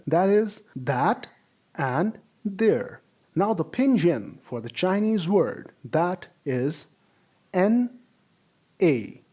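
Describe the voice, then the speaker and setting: A man teaching a language lesson, saying model sentences slowly for students to repeat and praising them. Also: high-pitched, mellow. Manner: slow, drawn-out model sentences for repetition; encouraging, praises imagined students. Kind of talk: classroom-style language lesson.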